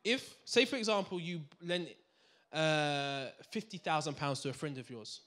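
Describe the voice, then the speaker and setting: A man giving a live finance seminar to a room audience, energetic and full of banter, quizzing the crowd. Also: a little high, normal speed. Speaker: seminar speaker.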